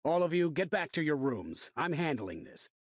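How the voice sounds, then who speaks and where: A man playing a big resident advisor taking charge with firm, commanding orders. Husky, dry voice. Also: fairly high pitch, sing-song, normal speed, no echo, pitched above the performer's own voice.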